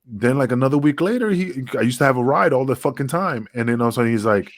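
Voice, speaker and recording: A man's voice: mid-range voice, fast talker, few pauses, dry recording, clean studio sound. A middle-aged man, a podcast guest, telling a story casually with heavy swearing, acting out the dialogue as he goes. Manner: profane, animated, acts out dialogue.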